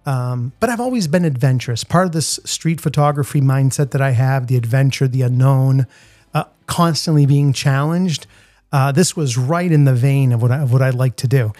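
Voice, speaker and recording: A man's voice: mid-range voice, moderate pace, a little mellow, no echo. A middle-aged man with a Boston accent, telling a story in a casual, rambling podcast monologue full of fillers and restarts. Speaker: podcast host, street photographer.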